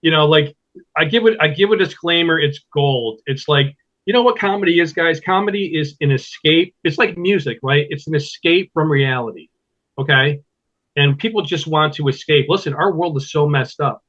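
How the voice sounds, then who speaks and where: A man, a stand-up comedian, chatting as a guest in a casual interview and telling animated stories. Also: on the high side, moderate pace, muffled recording. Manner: animated storyteller, slips into impressions.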